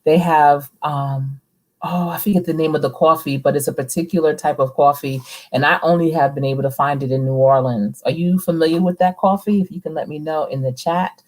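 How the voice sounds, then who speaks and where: A woman's voice: low voice, steady tone, fairly quick. A woman hosting a casual live stream, chatting with viewers and reading their comments aloud. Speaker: livestream host, coach.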